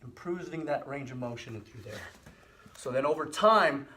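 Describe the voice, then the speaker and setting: A middle-aged man hosting a health channel, explaining and demonstrating a hand exercise in a relaxed, repetitive way with frequent fillers. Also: mid-range voice, normal speed. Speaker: physical therapy host. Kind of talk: casual instructional demonstration.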